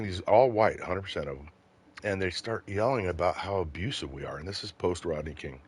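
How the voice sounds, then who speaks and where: A man's voice: deep voice, slightly rough. A middle-aged man, once a police officer, telling a story in casual chat with a lot of swearing. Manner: profane, animated storyteller.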